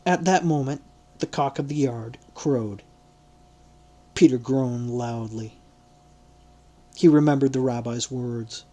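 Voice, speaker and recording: A man narrating a literary audiobook in a measured, deliberate reading style. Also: mid-range voice, mellow.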